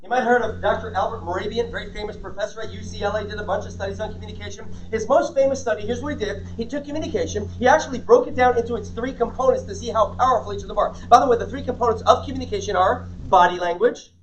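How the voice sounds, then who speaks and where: A man giving a lively sales seminar, quizzing and engaging a live audience. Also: high-pitched, racing, hardly any pauses. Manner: energetic, interactive, quizzes the audience. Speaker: sales trainer. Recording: distant, dull lo-fi room recording.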